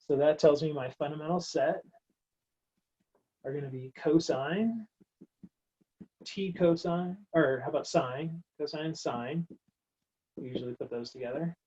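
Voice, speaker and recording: A man's voice: a little high, mellow, slightly rough, highs cut off. A man teaching a recorded math lecture, working through steps aloud in a casual, wry way. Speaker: math instructor.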